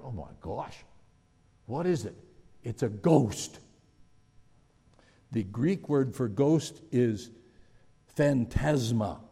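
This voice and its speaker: A man preaches in an easy, conversational manner, often stopping to wonder aloud and put questions to his listeners. His voice sits a little high for a man and swings widely in pitch. The sound carries the long reverb of a large hall. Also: warm tone. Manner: conversational, musing, asks the audience questions. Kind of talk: sermon.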